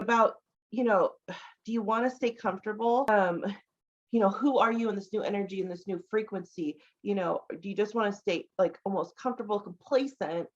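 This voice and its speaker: Woman, podcast host, casual chat, rambling, lots of fillers, somewhat muffled recording. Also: medium pitch. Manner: rambling, many fillers and restarts. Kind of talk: casual conversational interview. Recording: slightly dull lo-fi audio.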